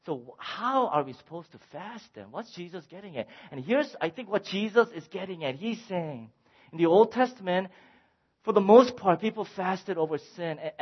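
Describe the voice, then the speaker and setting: A middle-aged man preaching a sermon as pastor, conversational with restarts, at times rising to impassioned shouting. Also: a little high, husky. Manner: builds to impassioned shouting, then apologizes. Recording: dull lo-fi sound.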